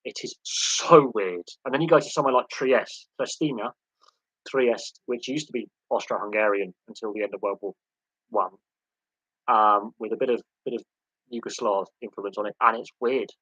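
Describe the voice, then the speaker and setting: A man's voice: on the low side, normal speed, a bit bright, husky, no echo, low-quality recording. A man hosting a casual live sports hangout, rambling with many fillers and restarts. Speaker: livestream host.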